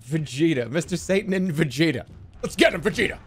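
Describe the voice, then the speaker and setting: Brief: male streamer, high and bouncy voice, excitable and swearing, casual game commentary. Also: a little fast, husky. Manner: excitable, laughs often, swears.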